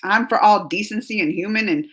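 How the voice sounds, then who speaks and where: A woman reads her chat aloud during a relaxed live stream, speaking fairly quickly in a mid-range voice. Her talk rambles, heats up, and then fades into quiet trailing-off.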